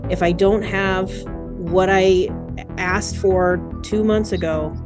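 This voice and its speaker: A woman's voice: medium pitch, steady tone, takes it slowly, over music. A woman judge speaking firmly and sternly in a court hearing, scolding a party for interrupting.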